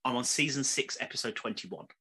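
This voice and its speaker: A man chatting casually as a podcast co-host, animated, swearing freely and laughing often. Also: mid-range voice, fairly quick, slightly rough. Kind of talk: casual chat.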